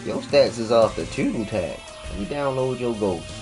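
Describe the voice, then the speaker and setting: A man's voice: medium pitch, lively intonation, moderate pace. A man chatting casually and profanely while streaming a fighting game, rambling and joking around. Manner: laid-back, rambling, profane, slips into goofy freestyle rhymes. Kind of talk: casual gaming stream chat. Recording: game music playing loudly underneath. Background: game music.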